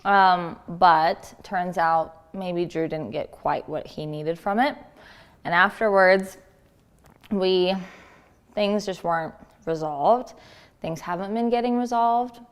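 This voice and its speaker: A woman frankly recounting a personal story in a vlog, earnest and halting, with restarts. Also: lowish voice, clear, resonant tone.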